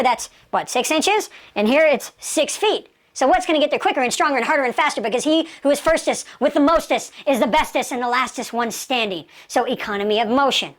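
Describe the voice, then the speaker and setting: A woman giving a motivational martial arts lecture, emphatic, asking rhetorical questions and repeating key phrases. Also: on the high side.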